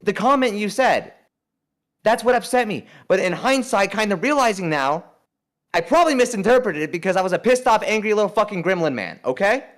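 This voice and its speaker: A man co-host with a high voice who swears constantly and talks bluntly. He comes across candid and apologetic in casual talk-show chat. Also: lively intonation, fairly quick.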